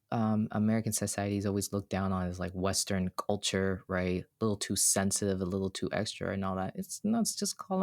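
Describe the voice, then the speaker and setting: A man's voice: fairly low pitch, a little mellow. A man co-hosting a podcast, talking in an earnest, heartfelt way, often restarting his sentences. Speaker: podcast co-host. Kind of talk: casual reflective podcast talk.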